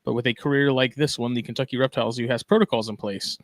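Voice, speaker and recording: A man's voice: medium pitch, fairly even intonation, quick pace, no room sound. Laid-back man co-hosting a podcast. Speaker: podcast co-host. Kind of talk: casual chat, reading news aloud.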